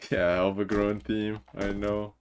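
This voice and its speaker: A very low-voiced man in his twenties, from Mauritius and a native French speaker, talks casually through a game stream. He reads viewers' messages aloud and chats back between thoughts on the map, with a faint hum of noise behind him. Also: little pitch movement, a little slow. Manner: chatty, reads chat aloud and answers it. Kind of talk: casual livestream chat. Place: home room, Toronto.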